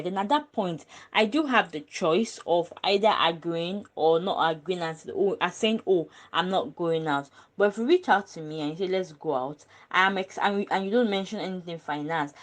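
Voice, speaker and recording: Woman, low-pitched, earnest, emphatic, hesitant restarts, casual panel chat. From Nigeria. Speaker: panel guest.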